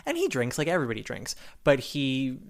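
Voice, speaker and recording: A man's voice: medium pitch, huge pitch swings, a little fast, vocal fry. A man hosting a podcast, chatting casually and animatedly, acting out quotes as he retells scenes. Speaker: podcast host. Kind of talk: casual chat.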